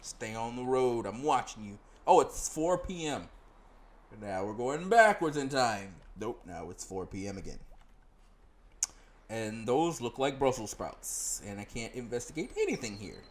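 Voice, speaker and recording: A man's voice: medium pitch, very animated, measured pace. A man doing casual, joking let's play commentary, rambling and reading game dialogue aloud. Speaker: gameplay commentator.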